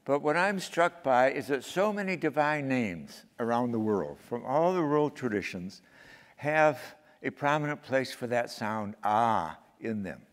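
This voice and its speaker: A man, a priest, gently instructing a group in a spiritual practice and leading a call-and-response chant. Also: medium pitch, lively intonation. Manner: unhurried, gently instructive, repeating names in chant. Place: large hall at a faith festival. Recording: long reverb of a large hall.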